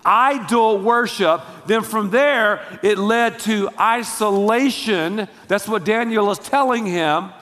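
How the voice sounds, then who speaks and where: A man preaching a sermon, telling the story in a lively, slangy way. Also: high voice, slow, hardly any pauses, long reverb tail. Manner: animated storytelling with slangy asides. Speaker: pastor.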